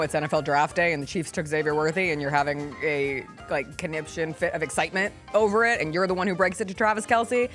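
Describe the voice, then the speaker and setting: A woman hosting a sports talk show, chatting casually with an animated, laughing delivery and quick asides. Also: deep voice. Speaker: sports radio host. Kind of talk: casual studio chat.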